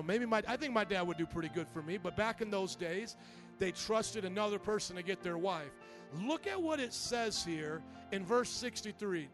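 A man in his thirties preaching a sermon, joking with the congregation and then slowing into soft, calm reading. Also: high-pitched. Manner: animated, jokey preaching that drops to a slow soft voice. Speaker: pastor.

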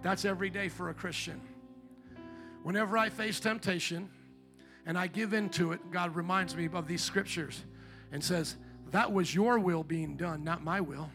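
A man preaching from the pulpit in a high, bright voice, fervent and emphatic. He slows way down to lean on every scripture quote. A faint guitar plays quietly beneath him. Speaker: pastor. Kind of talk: sermon. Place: church sanctuary. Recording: faint guitar music behind.

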